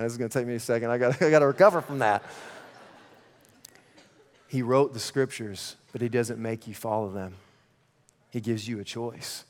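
A man preaching a sermon in church, conversational and energetic with laughing asides. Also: medium pitch. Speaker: pastor. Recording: long reverb of a large hall.

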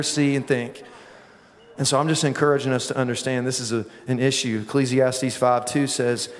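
A man preaching a sermon, mixing prayer with funny, self-deprecating stories and quick asides to the congregation. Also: medium pitch, long reverb tail. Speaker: pastor. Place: large church auditorium.

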